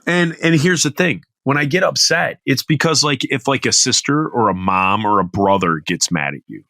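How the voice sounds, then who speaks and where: A man's voice: mid-range voice, normal speed, pushed and bright, no room sound. A man co-hosting a podcast, chatting casually, rambling off on tangents and laughing often. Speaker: podcast co-host. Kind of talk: casual chat.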